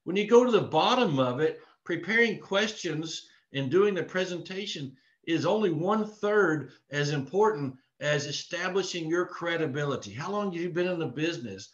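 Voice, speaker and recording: A man's voice: fairly high pitch, lively intonation, normal speed, hardly any pauses. A man from Texas giving a live online sales training, earnest and repetitive in his coaching. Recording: echoey room, dull lo-fi sound.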